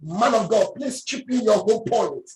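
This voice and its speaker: Female preacher, emphatic call-and-response delivery, mid pitch, reverberant room. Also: expressive, normal speed, a little mellow, slight background noise. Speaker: pastor. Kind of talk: preaching a sermon in dialogue. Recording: echoey room.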